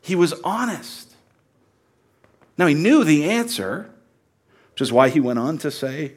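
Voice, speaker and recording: A man preaching a sermon in an earnest, conversational way, dropping to a hush and then rising to loud, emphatic peaks. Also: a little high, big pitch swings, unhurried, long pauses. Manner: swings from hushed, quiet delivery to loud, near-shouted emphasis. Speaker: pastor.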